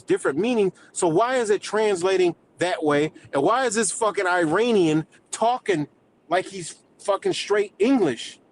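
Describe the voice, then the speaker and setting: A man goes off in a fired-up, profane rant on his own livestream. He talks in loose streetwise slang and keeps his voice a touch high. A faint low rumble sits under the recording. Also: low-quality recording. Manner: heated, swearing, streetwise slang, laughs between points. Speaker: livestream host.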